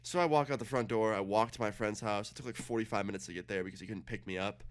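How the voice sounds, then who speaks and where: Young male streamer, low voice, rapid profane storytelling while gaming. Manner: fast, profane, acts out dialogue. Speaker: game streamer.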